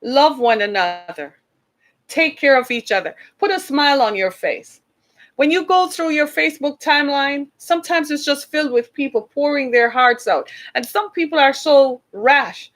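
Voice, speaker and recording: A woman's voice: sits high, normal speed, a bit bright. A woman hosting an online show, talking earnestly to her viewers, with preachy repeated calls for them to listen. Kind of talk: impassioned livestream talk to viewers.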